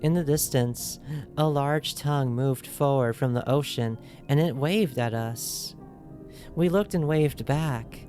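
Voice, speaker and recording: A woman's voice: rumbling low, slow, mellow. Playful woman streamer over faint game music. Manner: playful, giggly, chatting to viewers; puts on a loose, inconsistent accent. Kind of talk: let's play commentary, reading game text aloud.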